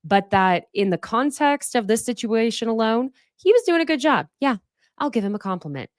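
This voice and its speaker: A woman hosting a reality TV recap podcast, giving animated, sassy commentary with big jumps in pitch. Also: normal speed, dry recording, clean studio sound. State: sniffly from allergies. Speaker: podcast host.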